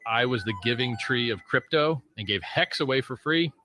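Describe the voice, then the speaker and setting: A man's voice: medium pitch, normal speed, sharp tone, lightly acted. A man playing a whiny, crude male crypto founder in a meme video skit, who sulks and grumbles about his new job. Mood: defensive.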